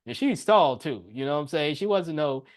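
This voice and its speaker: A young man hosting a podcast, telling a personal story in a casual, animated way and often laughing as he talks. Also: normal speed. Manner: animated, jumps into higher voice when quoting himself. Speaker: podcast host.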